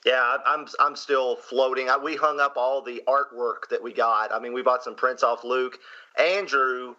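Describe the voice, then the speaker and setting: Halting man with a dull-sounding mic. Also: medium pitch, fairly even intonation, pushed and bright. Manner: halting, restarting sentences. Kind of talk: casual podcast chat.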